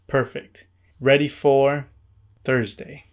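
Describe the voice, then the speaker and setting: A man narrating his own vlog in a scripted, deadpan way, with wry asides and an earnest, introverted manner. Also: medium pitch, slow pace, heavy background noise. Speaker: vlogger.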